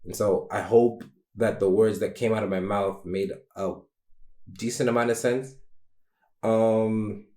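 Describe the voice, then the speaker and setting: A man's voice: fairly low pitch, steady tone, measured pace, warm tone. A young man hosting a solo podcast, talking in a rambling, emotional, candid way and swearing casually. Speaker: podcast host. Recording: roomy echo.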